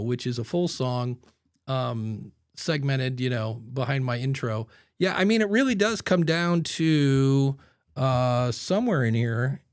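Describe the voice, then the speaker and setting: A man hosting a podcast in casual chat, animated and talking into a mic with headphones, sometimes acting out voices. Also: medium pitch, dry recording, studio quality. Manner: animated, demonstrates voices with sudden loud bursts. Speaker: podcast host. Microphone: studio mic with headphones.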